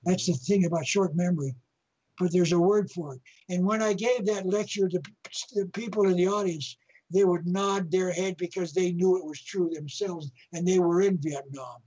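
A man speaks as an interview guest, spinning a long story in a husky, slightly rough voice. He often repeats and restarts his phrases as he goes. The recording is muffled and lo-fi. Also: high-pitched, normal speed, dark tone. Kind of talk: telling an anecdote in an interview.

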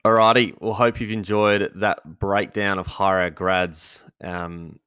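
A man's voice: low-pitched, fairly even intonation, slow, bright, forceful tone, smooth, no echo, clean studio sound. A man hosting a podcast in a casual, upbeat way with eager interjections. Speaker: podcast host.

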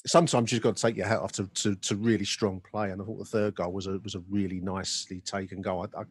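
A man's voice: sits low, flat delivery, quick pace, slightly rough. A man co-hosting a football podcast, chatting casually and often speaking to the listeners. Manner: chatty, addresses listeners, many restarts. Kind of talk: casual chat.

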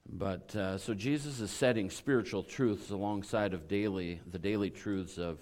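A middle-aged male pastor with a worn, raspy voice, hoarse from overuse. He preaches in a low register, in an easygoing, chatty way with plenty of fillers. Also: moderate pace, a little mellow. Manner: folksy, conversational preaching with many fillers. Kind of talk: sermon.

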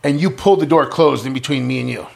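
A man's voice: medium pitch, fast. A middle-aged man telling his story in a casual interview, stumbling over repeated words and restarts. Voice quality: gravelly, husky, many repeated words and restarts.

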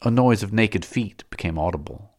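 A man reading a classic novel aloud as an audiobook narrator, in a measured, dramatic way. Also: lowish voice, lively intonation, a little mellow, dry recording, clean studio sound.

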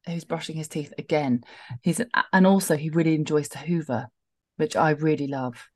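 A middle-aged woman co-hosting a casual chat, animated and laughing as she tells stories. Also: deep voice, moderate pace, no echo, studio quality. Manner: chatty, laughing, animated storytelling. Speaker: podcast co-host.

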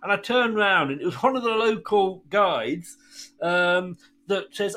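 A middle-aged radio show host chats casually with a caller, telling stories and laughing often as he goes. His voice sits high, pushed and bright, and he keeps a measured pace.

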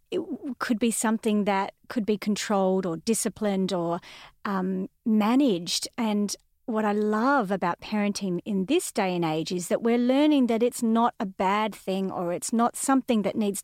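A woman's voice: on the high side, darkish tone, no room sound, clean studio sound. A woman hosting a parenting podcast, reflective and affirming in casual conversation. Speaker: podcast host. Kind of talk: casual chat.

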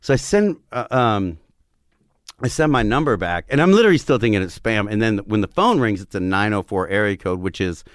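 A man's voice: fairly low pitch, expressive, fairly quick, no echo, clean studio sound. A man in his forties from northern Florida, telling a story in a casual, profane way and acting out the quotes. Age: 40s. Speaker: podcast guest.

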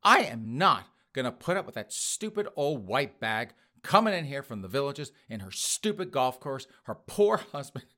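A man's voice: mid-range voice, very animated, moderate pace, hardly any pauses, sharp tone. Guy doing a fed up counter worker lady, exasperated. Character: fed-up female fast-food worker.

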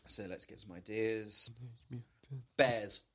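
A man's voice: medium pitch, quick pace, fairly bright tone. A man co-hosting a podcast, chatting casually and joking, often slipping into silly voices. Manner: jokey, slips into silly put-on voices. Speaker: podcast co-host. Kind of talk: casual comedic chat.

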